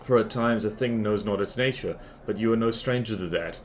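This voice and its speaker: A man's voice: lowish voice, brisk, a little hiss or hum, close to an everyday voice. A man voicing an ancient, cryptic hag in a put-on Scottish accent, speaking in riddles with twisted word order. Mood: secretive. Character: ancient cackling hag crone, cryptic and possessive.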